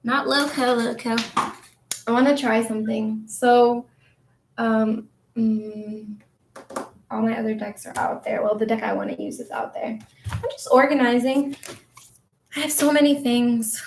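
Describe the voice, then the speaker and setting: A talkative woman with a slightly high voice, chatting loosely to her viewers as she sorts through her things. Her talk rambles from one thought to the next, and she stops now and then to answer comments from the audience. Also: fairly even intonation, unhurried, long pauses, slight background noise. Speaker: vlogger and spiritual coach. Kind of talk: casual chat to viewers while tidying.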